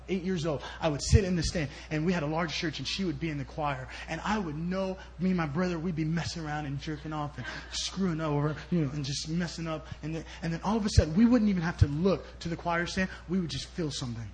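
Guest preacher, man, high-pitched, storytelling sermon with loud and soft swings. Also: fast talker, hardly any pauses, slight background noise. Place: church service.

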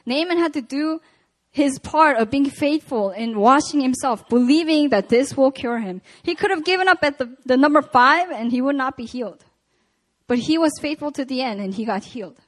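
A woman preaching at a prayer meeting, reading scripture and retelling it in a casual, animated way. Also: high-pitched, normal speed.

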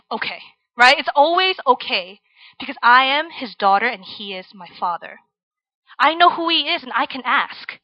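A woman's voice: sits high, no echo. Young woman preacher, conversational, keeps checking in with the room; muffled, close-miked sound. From Virginia, USA. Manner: chatty, tags lines with "right?" and "like". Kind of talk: casual sermon to students.

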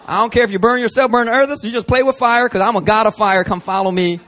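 A man's voice: high-pitched, fast, a bit bright, a little hiss or hum, voice pushed up. A preacher putting on the voice of a carefree male deity who talks in laid-back slang and laughs as he urges people to play with fire. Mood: breezy. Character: carefree, breezy male deity inviting reckless fun.

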